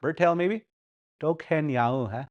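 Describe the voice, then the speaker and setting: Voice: medium pitch, measured pace, dry recording, lo-fi sound. A Dakota language teacher from Sioux Valley, leading a live class in a playful way and repeating words so students can practise. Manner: paces around the room while teaching. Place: classroom during a livestreamed class.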